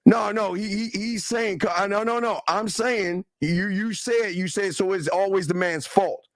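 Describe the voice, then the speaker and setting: A man's voice: high voice, measured pace, dry recording, clean studio sound. A man co-hosting a live talk show, profane and confrontational, talking animatedly to his audience. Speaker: co-host. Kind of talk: heated livestream talk.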